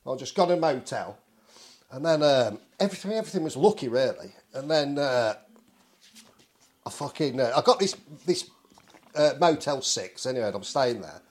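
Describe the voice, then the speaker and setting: English man swearing through a lively anecdote. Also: medium pitch, normal speed. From England. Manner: swears constantly, acts out the people in his story. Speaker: storyteller. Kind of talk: casual anecdote.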